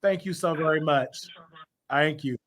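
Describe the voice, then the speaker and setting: A man's voice: on the high side, a little slow, fairly bright tone. A man with a Southern US accent hosting a live call-in talk show, emphatic and repetitive, stammering as he restarts his lines.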